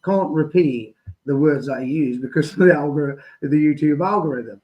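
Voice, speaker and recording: A man's voice: fairly high pitch, moderate pace, lo-fi sound. A man with a Midlands English accent, a guest in a live chat, rambling through anecdotes.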